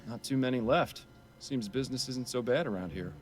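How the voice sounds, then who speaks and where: An actor voicing a serious, to-the-point detective in a game, speaking in a dry, measured way. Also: male voice, medium pitch, soft background music, lightly acted. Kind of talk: voiced game dialogue.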